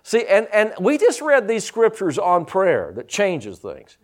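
A middle-aged man preaching a sermon. His voice sits a little high and moves a lot in pitch. He mixes lively preaching with teasing asides. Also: measured pace. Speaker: pastor.

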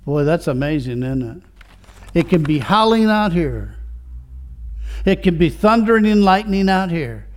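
A man with a high voice preaching a sermon. He asks his listeners rhetorical question after rhetorical question, dropping into quiet, reflective stretches and then building back up to fervent declarations. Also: big pitch swings, measured pace, pauses often. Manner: swings between quiet reflection and rising fervor. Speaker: pastor.

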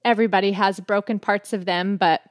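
A woman's voice: medium pitch, fairly even intonation, a little fast, no room sound. A woman co-hosting a casual faith-based talk about marriage with her husband, speaking earnestly and reflectively and laughing often. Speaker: podcast co-host, wife.

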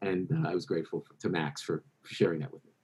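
A man who is an author, telling lively anecdotes as a guest in an interview and quoting other people in their voices. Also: low voice, fast talker. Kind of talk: interview storytelling.

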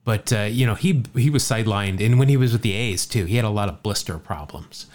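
A man's voice: fairly low pitch, fairly quick, darkish tone. A man co-hosting a casual podcast, telling a jokey baseball story, often stumbling and repeating words.

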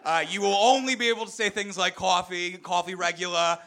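A man rambles wryly through an improvised comedy answer, often stopping to restart his sentences. His voice is high and bright. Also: fairly even intonation, brisk. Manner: rambling, self-interrupting, wry. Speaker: comedy contestant.

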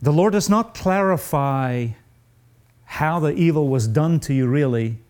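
A man preaching a sermon in an earnest, confessional way, rising high in pitch when he reads out the hardest verses. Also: a little slow, a little mellow.

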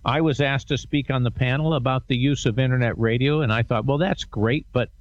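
A man hosting a casual radio talk show, relaxed with frequent hesitations. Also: medium pitch, fast, highs cut off.

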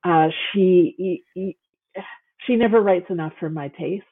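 A woman's voice: lowish voice, measured pace, husky. A woman guest author chatting casually and enthusiastically, gushing with lots of fillers, heard over a call. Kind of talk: casual chat. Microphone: phone call. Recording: tinny phone line.

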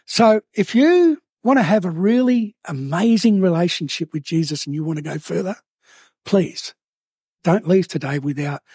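A man preaching a sermon to a church, earnest and drawing out key phrases slowly for emphasis. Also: high-pitched, animated, warm tone, husky, no room sound, studio quality.

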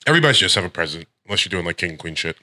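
A man's voice: low voice, very animated, rapid-fire, sharp tone. A man co-hosting a podcast, riffing playfully and laughing often in casual chat. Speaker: podcast co-host.

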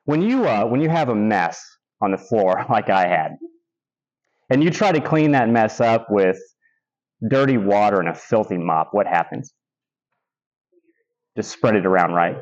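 Storytelling pastor, man, animated sermon. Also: on the low side, unhurried, pauses often, lo-fi sound. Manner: storytelling, animated with quoted asides and emphatic repetition.

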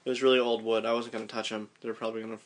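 A man casually recounting an underground climb to his companions as an animated storyteller. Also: on the low side, racing. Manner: animated storyteller, shouts in quoted lines.

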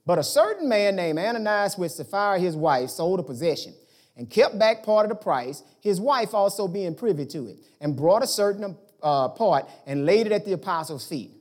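A man preaching a sermon, speaking colloquially and emphatically to his congregation, rising loud and dropping to hushed storytelling. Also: sits high, lively intonation, normal speed.

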